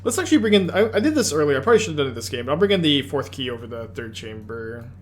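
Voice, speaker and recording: Brief: man at mid pitch, thinking out loud through an online card game, musing and self-correcting. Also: sing-song, racing, slight background noise. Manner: musing, self-correcting, half-muttered asides. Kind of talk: thinking aloud while playing.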